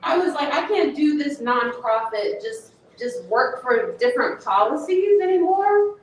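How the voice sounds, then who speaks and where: A woman's voice: high-pitched, lively intonation, unhurried. Emotional woman organizer in an echoey room. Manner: passionate, laughs and nearly cries. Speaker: organizer speaking at a panel. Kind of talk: emotional public talk. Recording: echoey room, speaker far from mic.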